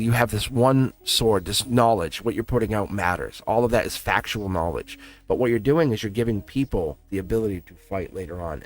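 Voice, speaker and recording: A man giving a live-streamed tarot reading in an earnest way, repeating himself and laughing often. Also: lowish voice. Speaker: tarot reader.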